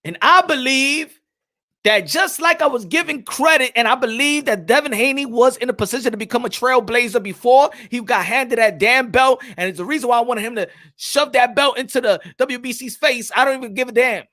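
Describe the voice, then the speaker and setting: A man with a very high, bright, forceful voice hosts a boxing talk show. He riffs to his viewers with animated, hyped emphasis and stretched-out words. His delivery is loose and unscripted, like live commentary chat. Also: brisk.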